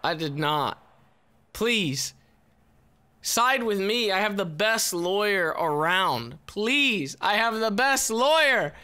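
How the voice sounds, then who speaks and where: Young guy yelling and cussing at a game he's playing, bright voice, kinda slow talker. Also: high voice, clear, resonant tone. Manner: excitable, swears a lot, yells at the game. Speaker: let's play host. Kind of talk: casual gameplay commentary.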